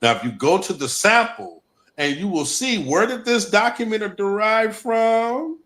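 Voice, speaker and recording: Bright, emphatic man addressing viewers. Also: high voice, expressive, measured pace. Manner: emphatic, repeats key points to the audience. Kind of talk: casual live-stream talk.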